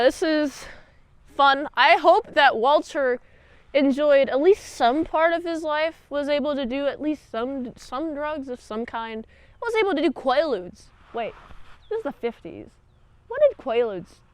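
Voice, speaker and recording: Rambly jokey woman doing an episode recap, high lively voice, lots of "like"s. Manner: rambling, jokey, chatty with many "like"s and asides. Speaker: show host, episode reviewer. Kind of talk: casual recap and review.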